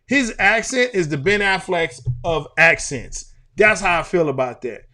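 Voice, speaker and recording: A man co-hosting a casual sports talk show, animated and repeating himself, with big swings in pitch. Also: a little slow. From Houston, Texas. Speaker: co-host.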